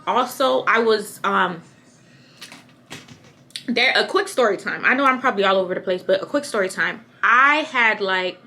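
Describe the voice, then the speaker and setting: A woman's voice: medium pitch, moderate pace, sharp tone. A pregnant young woman talking candidly to camera in a casual vlog, chatty and rambling, often repeating herself. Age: young adult. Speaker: vlogger.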